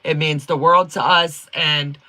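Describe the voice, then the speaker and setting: A middle-aged woman hosting a quilting livestream, chatting in a folksy way with a strong accent, talking fast and reading viewer comments. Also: low voice, fairly even intonation. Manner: upbeat and warm toward viewers.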